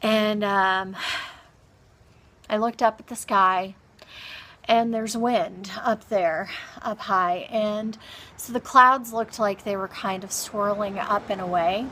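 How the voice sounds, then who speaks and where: Slow, halting grieving woman. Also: medium pitch, fairly even intonation. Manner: halting, soft-spoken, many pauses and restarts. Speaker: vlogger. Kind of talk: reflective personal monologue.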